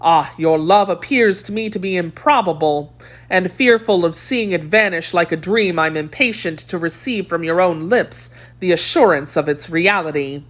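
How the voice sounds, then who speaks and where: A woman voicing a young male swordsman in an audiobook, earnest and flattering. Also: lowish voice, normal speed, natural voice. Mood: ardent.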